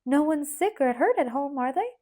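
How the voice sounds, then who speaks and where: A woman voicing a bustling, peppery middle-aged schoolteacher aunt with a twang, speaking in a brisk, teacherly manner in an audiobook. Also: sits high, lively intonation, dark tone, voice pushed up. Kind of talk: audiobook character voice.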